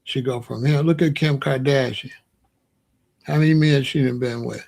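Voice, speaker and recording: Man, gravelly, husky, blunt casual commentary, laughs often. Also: medium pitch, fairly even intonation, normal speed, a little mellow. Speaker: show host.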